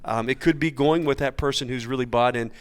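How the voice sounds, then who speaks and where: Male coach, panel chat, halting, repeats himself, mid-range voice. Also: mid-range voice, clean tone. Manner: halting, repeats words, searching. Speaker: baseball coach.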